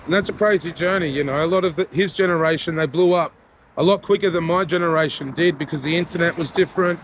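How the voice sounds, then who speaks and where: Strolling through his local street and mall for a walk-and-talk vlog, a man with an Australian accent speaks sincerely and loosely, his speech full of "you know". The vlogger and rapper has a fairly high voice and talks fast. The sound is lo-fi and noisy, recorded outdoors on the street.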